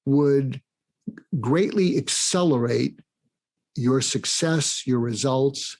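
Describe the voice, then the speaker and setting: An older man, a psychiatrist and author, telling stories in an interview and animatedly acting out quoted dialogue. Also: takes it slowly. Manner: animated storyteller, acts out quoted dialogue with rising pitch. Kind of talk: conversational storytelling interview.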